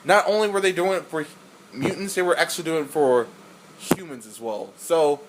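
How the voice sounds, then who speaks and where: Guy rambling excitedly about a movie, kinda high voice, light noise behind. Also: normal speed. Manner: rambling, excitable, fond of filler "like". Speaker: podcast co-host, film reviewer. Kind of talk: casual movie review chat.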